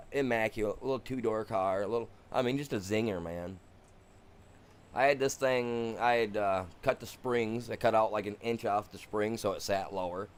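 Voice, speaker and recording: A middle-aged man from Michigan, live-streaming a farming game and telling a long, animated story in casual, slangy chat. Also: fairly low pitch, clean tone.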